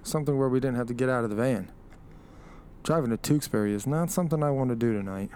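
A laid-back young gravedigger, played by a man, shrugs things off in an easy mid-pitched voice. He is casual and unbothered, and swears freely. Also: fast talker, darkish tone, slight background noise, natural voice.

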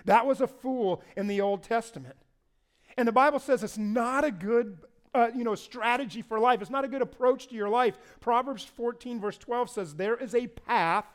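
Male pastor, high voice, lively animated preaching delivery. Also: normal speed, smooth. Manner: animated preaching, asks the congregation to repeat words. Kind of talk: sermon.

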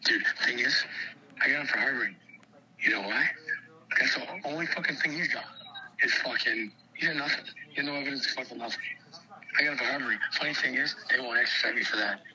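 A man's voice: medium pitch, fast talker, pushed and bright, rough recording. A man on a call, telling a heated story in a rambling, profane, agitated way. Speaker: caller telling his story. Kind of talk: heated phone chat.

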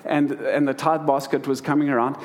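A man's voice: mid-range voice, flat delivery, fairly quick. A middle-aged man preaching to a congregation, telling humorous stories about family life. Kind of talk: sermon.

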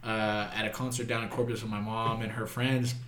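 A man's voice: on the low side, flat delivery, a little fast, background noise. A young man, a metal singer guesting on a podcast, telling candid stories in a laid-back, swear-heavy way. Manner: candid, laid-back, swears freely, says "dude" a lot. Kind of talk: casual storytelling chat. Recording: echoey room.

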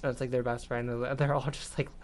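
A woman's voice: extremely low pitch, flat delivery, fast, a little mellow, faint music behind. A young woman co-hosting a casual student radio show, rambling with lots of fillers and giggles. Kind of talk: casual scripted radio chat.

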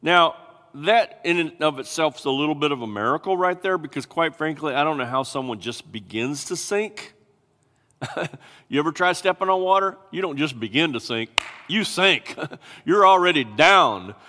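A male pastor preaching a sermon in an animated way, acting out scripture voices with big swings in pitch. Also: moderate pace. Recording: long hall reverb.

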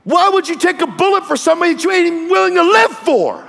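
A man preaching a fiery sermon, shouting and telling stories with acted-out quotes, in a large hall with an audience. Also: very high-pitched, lively intonation, fast, gravelly.

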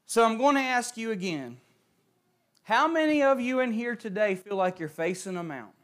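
A young preacher with a high voice delivers a sermon. He reads scripture and prays in a hushed way, then tells stories with mounting emphasis. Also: animated, moderate pace. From West Virginia.

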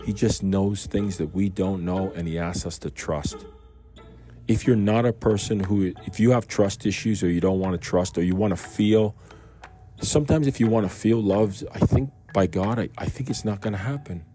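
A man's voice: on the low side, moderate pace, warm tone. A man giving a casual, rambling devotional talk on a Bible passage, speaking conversationally and asking many rhetorical questions. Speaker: Bible reading host.

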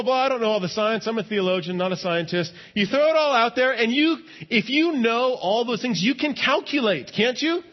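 A pastor preaching a sermon to a congregation in a church, animated and often asking them "right?". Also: male voice, extremely high pitch, muffled recording.

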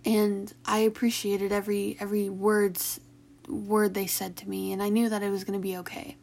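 Young woman vlogger, mid-pitch voice, emotional and halting, sighs between restarts. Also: flat delivery, vocal fry, a little mellow. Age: young adult. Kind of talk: personal confessional talk.

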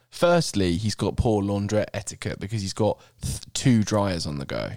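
A man's voice: fairly low pitch, very animated, normal speed, a little mellow, no room sound, clean studio sound. A man, a podcast co-host, telling a comic story in a sweary, mock-exasperated way. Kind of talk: casual comedic storytelling.

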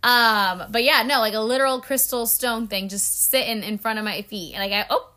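A woman's voice: on the high side, moderate pace. A young woman co-hosting a casual chat podcast, retelling a story in a chatty way, full of "like". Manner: chatty, heavy use of "like", animated retelling. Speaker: podcast co-host.

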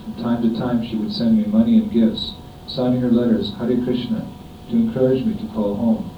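Middle-aged guy reading a homage letter slow and solemn, kinda far from the mic, muffled. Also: steady tone. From United States. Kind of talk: reading a written devotional offering aloud. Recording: dull, echoey, distant room recording with faint rumble.

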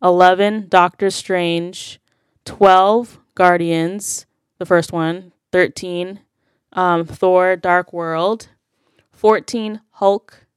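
Woman, casual movie chat, deadpan humor, smooth clear voice, dry close sound. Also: on the low side, drawn-out words, no echo. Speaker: podcast co-host.

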